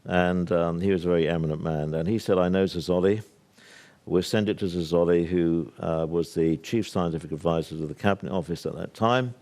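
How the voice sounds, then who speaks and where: An older man from Britain talks to a live audience at a workshop, his voice sitting low. He speaks assertively, filling gaps with ums and wandering into asides before coming back to his point. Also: fairly even intonation, fairly quick, darkish tone. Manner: discursive, assertive, with many fillers and asides. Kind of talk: public talk to an audience.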